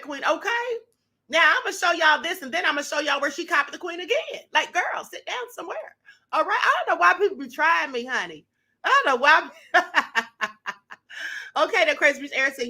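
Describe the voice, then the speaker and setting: A woman hosting a live-streamed talk show, reading viewer shout-outs in a sassy, gossipy, teasing way, her voice a little hoarse. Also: high-pitched. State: slightly hoarse.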